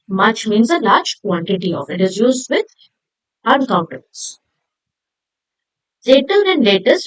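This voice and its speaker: A woman teaching a grammar lesson, spelling words out slowly and asking and answering her own questions. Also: fairly high pitch, no echo, poor audio. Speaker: English teacher.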